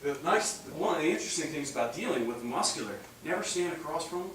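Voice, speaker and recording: Male seminar speaker, animated and joking, far from the mic in a very echoey room with noise. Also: fairly high pitch, fast. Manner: animated, joking, acts out voices with laughs. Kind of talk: live seminar talk. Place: large room with live audience.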